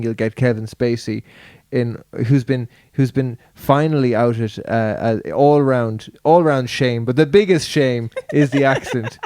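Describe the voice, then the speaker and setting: An Irish man talks through a meandering podcast chat at an ordinary middle pitch, often laughing. The sound is close and dry, with no room around it. He wanders from point to point in a loose, easy way. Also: a little mellow, dry recording. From Ireland. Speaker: podcast host. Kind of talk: casual chat.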